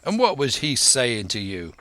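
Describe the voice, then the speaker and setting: A man's voice: mid-range voice, wildly swooping pitch, normal speed, fairly bright tone, no room sound. A man voicing an older, crafty one-legged pirate cook who blusters in thick sea slang, for an audiobook. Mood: blustering.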